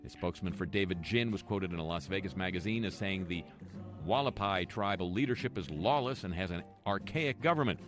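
Deep-voiced man giving sardonic news commentary. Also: a little fast, over music. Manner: dry, sarcastic asides between read-out news items. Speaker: host. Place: home near a lake, voice-over.

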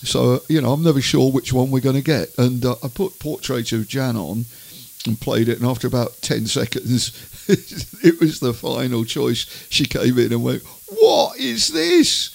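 A middle-aged man hosts a music show in a loose, rambling chat full of fillers and side remarks. His voice has a gravelly fry at mid pitch. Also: fairly even intonation, normal speed, darkish tone. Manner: rambling, many "uh" fillers and asides. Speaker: radio music show host. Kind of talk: casual chatty storytelling.

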